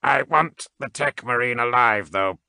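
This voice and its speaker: A man doing a cold monotone cyborg drone. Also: mid-range voice, unhurried, clear, resonant tone, no echo. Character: cold arrogant cyborg drone, male-voiced.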